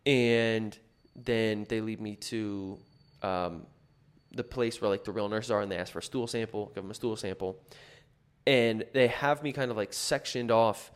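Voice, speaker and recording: A man's voice: on the low side, fairly even intonation, unhurried, clean tone. Man telling a rambling personal story. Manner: rambling, filler-heavy, self-correcting.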